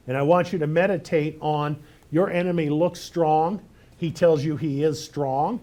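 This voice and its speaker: A man's voice: a little high, fairly even intonation, measured pace, warm tone. A man preaching a sermon as pastor, emphatic and conversational, asking his listeners rhetorical questions.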